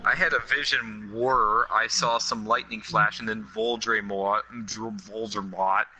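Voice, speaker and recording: A man's voice: on the low side, steady tone, measured pace, bright, forceful tone, a little hiss or hum, low-quality recording. A man reading a badly written story aloud for comedy, breaking off for sarcastic asides. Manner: sarcastic asides between lines. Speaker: reader and host.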